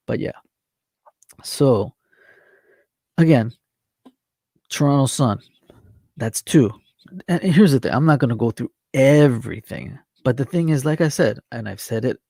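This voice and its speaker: A worked-up man hosts his own online talk show, ranting as he reads news articles aloud with scolding asides in between. His voice is medium-pitched, gravelly, and mellow, recorded in a dry room with no echo.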